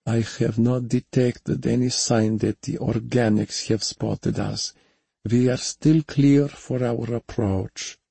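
A man with a husky voice voicing a female ship computer that reports in a flat, measured monotone. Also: medium pitch, no room sound, voice pushed up, full character voice. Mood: flat reporting.

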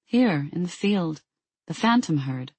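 A calm warrior woman talks in a low, soothing murmur, voiced by the audiobook narrator. The voice sits in a middle pitch and is recorded dry and close. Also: measured pace, no room sound. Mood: gentle.

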